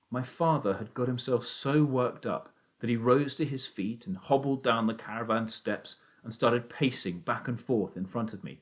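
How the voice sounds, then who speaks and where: A man narrating an unabridged children's audiobook in a steady storytelling voice. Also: mid-range voice, moderate pace, few pauses.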